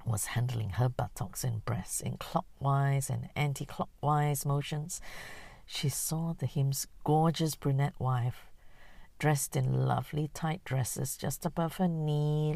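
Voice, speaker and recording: A woman narrating a story as a dramatic reading, dropping into hushed asides. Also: low voice, creaky, no room sound.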